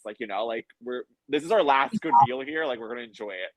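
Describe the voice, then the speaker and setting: A man's voice: medium pitch, quick pace, few pauses, no room sound, poor audio. Young man telling a rambling story. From United States. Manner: rambling storyteller, many fillers. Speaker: guest. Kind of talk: casual chat.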